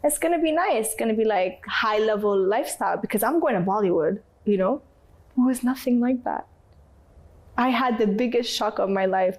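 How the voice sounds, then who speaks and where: A woman from Canada, a podcast guest, recounting her struggles in an emotional, animated way and repeating phrases for emphasis. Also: medium pitch. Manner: animated, acts out others' voices and her own crying in quotes. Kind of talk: emotional personal storytelling.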